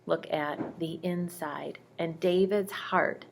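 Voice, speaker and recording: Calm divine voice, hushed and soft , read by a woman, slow gravelly storybook tone. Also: on the low side, heavily acted. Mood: gentle. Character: God, calm and gentle divine voice.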